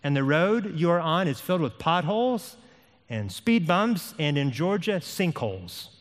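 A man's voice: fairly high pitch, very animated, moderate pace. A man preaching a sermon as pastor, with an impassioned delivery that rises and falls. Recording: long hall reverb.

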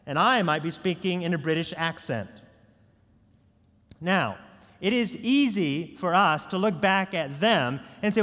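A man preaching a sermon as pastor, earnest and measured, opening with a prayer. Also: sits high, animated, fairly bright tone. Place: large church sanctuary. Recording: long hall reverb.

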